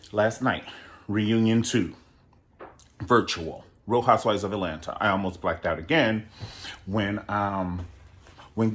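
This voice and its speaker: A man giving a sassy, theatrical solo recap of a reality show, acting out quotes with big jumps in his voice. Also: lowish voice. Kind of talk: animated solo commentary.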